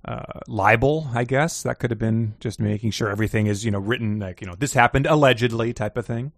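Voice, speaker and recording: Co-host, male, giggly, talks over a dry close mic, middle pitch. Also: quick pace, no echo. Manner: giggly, reads passages aloud with mock drama. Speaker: podcast co-host. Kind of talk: casual comedic book discussion.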